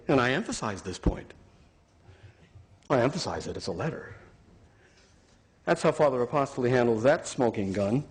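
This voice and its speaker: A man's voice: mid-range voice, a little mellow. A man giving an argumentative talk, sarcastic and emphatic as he builds his points. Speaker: speaker.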